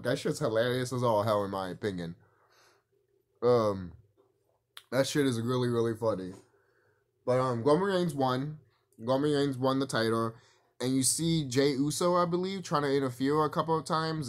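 Male vlogger, very animated pitch, swearing freely in a loose rambling rant. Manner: profane, animated, rambling with restarts and laughs. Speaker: wrestling commentary vlogger. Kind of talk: casual opinion rant.

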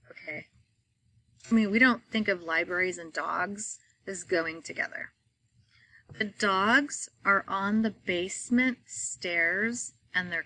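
A middle-aged woman walks through a poem as a think-aloud lesson, letting her thoughts unfold unhurriedly. Her voice is bright and forward, and she is openly expressive as she puzzles over each line. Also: medium pitch, low-quality recording. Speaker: teacher modeling poem reading.

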